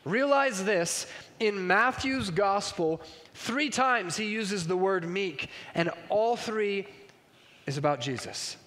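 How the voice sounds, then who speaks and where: High-voiced man preaching in a hall. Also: expressive, slow pace, fairly bright tone. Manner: emphatic, rhetorical questions. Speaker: pastor. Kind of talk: sermon. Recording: long reverb in a large hall.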